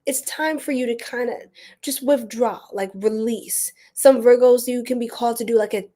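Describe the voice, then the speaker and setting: A woman giving a casual livestream tarot and astrology reading, chatty and animated, laughing often and speaking to viewers as y'all. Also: on the high side, normal speed.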